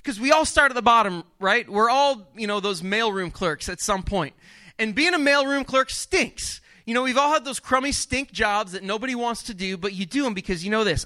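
Conversational male pastor, high and bright, with lots of restarts. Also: fairly quick, dry recording. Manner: conversational and animated, with frequent restarts. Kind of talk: sermon.

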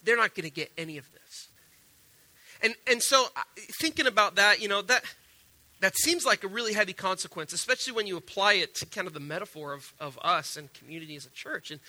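A man preaching a casual, animated sermon as a pastor, with stammered restarts and a conversational manner. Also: high-pitched. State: sick.

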